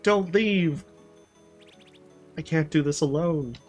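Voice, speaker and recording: A man's voice: a little high, takes it slowly, soft background music, pitched above the performer's own voice. A man voicing a frightened game hero who calls out for friends and pleads not to be left alone. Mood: pleading. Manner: pleading, calling out.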